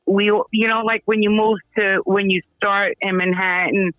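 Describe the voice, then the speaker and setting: A woman's voice: mid-range voice, flat delivery, moderate pace, no room sound. A woman from Brooklyn with a New York accent, calling in and chatting, laughing often over a phone line. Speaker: caller. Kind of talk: casual chat. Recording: tinny phone line, dry.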